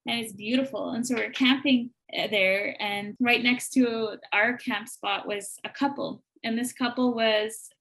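A woman from Manitoba, Canada, guest on a podcast, telling a story in an animated way and laughing often. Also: a little high, unhurried, creaky, hardly any pauses, poor audio. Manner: animated, laughing often, acts out quoted voices. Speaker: guest, entrepreneur.

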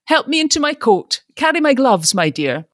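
A lofty, self-pitying old ironmonger, fussing and grand in a storybook reading, as a woman narrator puts him on. His lines rise high and swing widely, in a dry, close sound. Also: big pitch swings, moderate pace, fairly bright tone, no echo, full character voice. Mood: lofty, fussy. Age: older. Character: fussy pompous retired ironmonger, older man.

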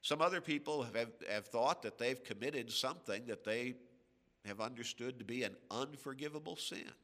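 A man preaching a radio sermon, slow and emphatic, with dramatic pauses between phrases. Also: medium pitch, a bit bright, in a large hall.

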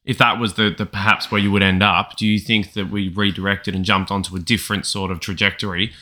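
Man podcast co-host, low voice, bright edge, thoughtful, hunts for words. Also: level tone, fast talker. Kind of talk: casual reflective chat.

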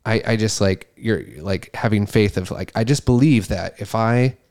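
A man with a fairly low voice co-hosting a podcast in casual conversation. He talks haltingly, restarting his sentences often, and his voice climbs when he gets emphatic. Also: darkish tone. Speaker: podcast co-host. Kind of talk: casual faith talk.

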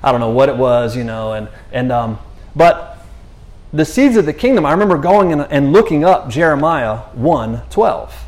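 A man telling a faith story in an animated, rambling way, often restarting and saying "you know". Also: mid-range voice, moderate pace. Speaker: speaker sharing a faith testimony. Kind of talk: casual spoken testimony.

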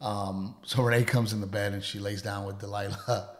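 A man's voice: fairly low pitch, moderate pace. A man co-hosting a casual chat with his partner, telling stories with lots of "dude" and "right?". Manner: animated storyteller, says "dude" and "right?" a lot. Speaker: podcast co-host. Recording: roomy echo.

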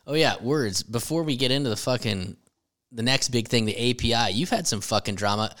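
A man's voice: medium pitch, animated, fairly quick, a bit bright. A young man co-hosting a casual podcast chat, swearing freely and laughing through his banter. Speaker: podcast co-host.

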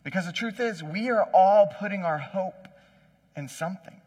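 A man's voice: high voice, normal speed, a little mellow, breathy edge. A man giving a casual, conversational sermon, often checking in with the listeners. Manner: conversational, says "like" and "right?" often. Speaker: preacher. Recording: long hall reverb.

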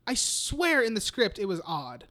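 A man's voice: high-pitched, huge pitch swings, normal speed, bright, forceful tone. A man co-hosting a casual podcast, retelling movie scenes in a rambling, profane way and slipping into mock quotes. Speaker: podcast co-host.

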